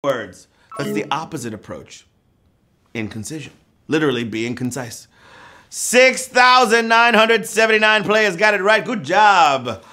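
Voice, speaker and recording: A man hosting a live trivia game show, playful and joking, with loud whoops. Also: high-pitched, very animated, measured pace.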